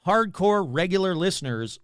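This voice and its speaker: A male podcast host talks off the cuff in a rambling, self-mocking way, his voice springing up and down all the time. His pitch sits a little high for a man. The sound is dry and close, with no room around it. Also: expressive, normal speed, fairly bright tone, clean tone, no room sound. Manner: chatty, rambling, self-deprecating. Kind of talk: casual podcast monologue.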